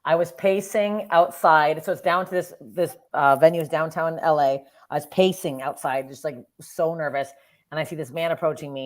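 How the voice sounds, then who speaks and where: A woman's voice: low voice, moderate pace. A woman from Canada, a comedian guest on a podcast, telling stories casually and swearing freely. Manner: swears freely, animated quoted voices.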